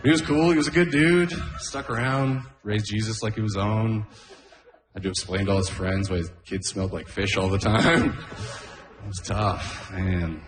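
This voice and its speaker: A man's voice: fairly low pitch, normal speed. A man doing a stand-up comedy set on a club stage, talking loosely and chuckling at his own jokes. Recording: roomy club sound.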